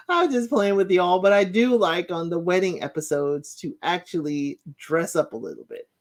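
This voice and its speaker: A woman's voice: lowish voice, animated, normal speed. A woman hosting her own channel, chatting casually as she recaps reality show episodes and retells the scenes in her own words.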